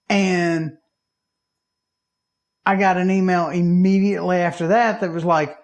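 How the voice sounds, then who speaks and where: A man from Alabama, co-hosting a podcast and telling a story in a lively way, acting out his own panicked reactions. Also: high-pitched, normal speed. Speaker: podcast co-host. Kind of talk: casual chat.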